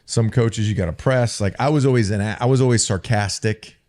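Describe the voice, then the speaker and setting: A former football player co-hosts a podcast, casually swapping profane, sarcastic stories about his old coaches. His voice is fairly low and a bit dark in tone, and he talks fairly quickly.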